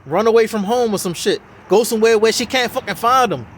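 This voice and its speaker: A man's voice: high-pitched, quick pace, a bit bright, slight background noise. A man giving a heated, swearing, mocking reaction commentary on a video. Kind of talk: profane ranting reaction commentary.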